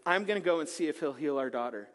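A man's voice: fairly high pitch, lively intonation, quick pace, fairly bright tone. A man voicing a persistent mother who insists on seeking help for her daughter. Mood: determined. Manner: firm and insistent. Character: determined, persistent mother, adult woman. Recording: long hall reverb.

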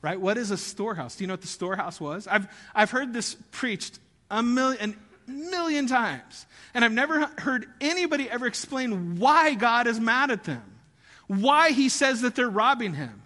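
A man's voice: very high-pitched, very animated, normal speed, sharp tone, long reverb tail. A man preaching a sermon as pastor, conversational and often asking the audience questions.

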